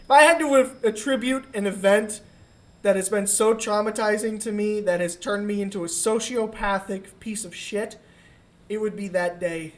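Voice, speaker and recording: A woman co-hosting a podcast, telling a comic story in a casual, profane and animated way. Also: mid-range voice, normal speed. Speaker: podcast co-host.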